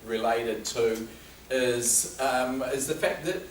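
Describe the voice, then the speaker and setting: A man's voice: mid-range voice, takes it slowly, a little hiss or hum. Man lecturing from a distant mic. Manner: conversational, anecdotal storytelling. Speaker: speaker at a men's health talk. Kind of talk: informal lecture. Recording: roomy hall, distant mic, faint ambience.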